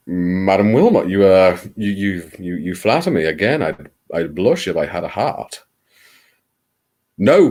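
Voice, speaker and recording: Man, very low voice, theatrical self-mocking stream host. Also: a little mellow. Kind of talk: late-night live stream chat.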